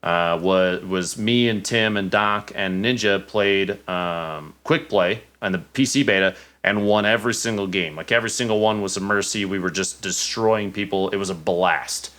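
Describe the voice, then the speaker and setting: A man in his thirties, a podcast guest telling casual stories, animated, with many restarts. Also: deep voice, moderate pace, few pauses. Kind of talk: casual storytelling.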